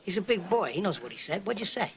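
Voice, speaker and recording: An actor playing a hot-tempered, menacing mobster in a film scene, interrogating and swearing. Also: male voice, high voice, very animated, fast, creaky, crowd noise, exaggerated voice. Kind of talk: film drama acting.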